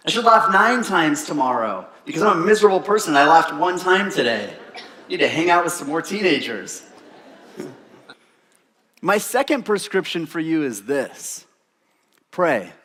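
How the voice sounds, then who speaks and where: A man's voice: on the high side, fairly bright tone. Man preaching with playful asides. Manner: storytelling, with playful self-mocking asides. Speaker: pastor. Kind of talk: sermon.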